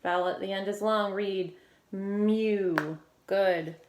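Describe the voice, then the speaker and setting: A woman teacher leading a recorded phonics lesson, giving steady step-by-step prompts and quick praise. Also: mid-range voice, noisy background. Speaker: reading teacher.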